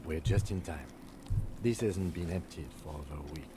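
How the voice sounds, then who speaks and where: A calm, dry police lieutenant. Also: male voice, a bass voice, moderate pace. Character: composed, dry-witted male police lieutenant. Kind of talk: video game voice acting. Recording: game audio with faint noise.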